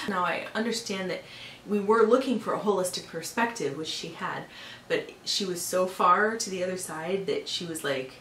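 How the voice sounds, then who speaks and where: A woman's voice: lowish voice, moderate pace, a bit bright. A young woman telling a personal story in a casual vlog, chatty and full of filler words, growing exasperated at times. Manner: chatty, lots of fillers, exasperated when retelling. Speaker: vlogger. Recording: echoey room, a bit far from the mic, faint hiss.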